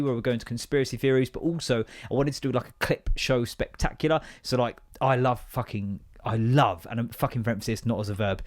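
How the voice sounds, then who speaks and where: A man with an English accent hosting a casual podcast monologue, rambling, sweary and self-deprecating. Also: mid-range voice. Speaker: podcast host.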